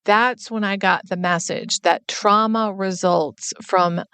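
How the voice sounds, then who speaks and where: A woman's voice: medium pitch, steady tone, slow pace, fairly bright tone, smooth, dry recording. A woman hosting a podcast as a recovery coach, speaking in an earnest, explanatory personal monologue.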